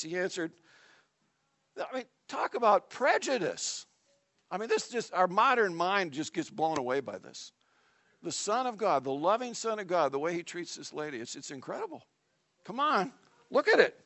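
A male pastor preaching a sermon in an animated, conversational way, with dramatic asides to the congregation. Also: high-pitched, moderate pace.

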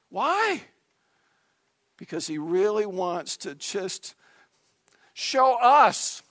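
Animated high-voiced male preacher. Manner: animated, conversational preaching with dramatic asides. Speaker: pastor. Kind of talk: sermon.

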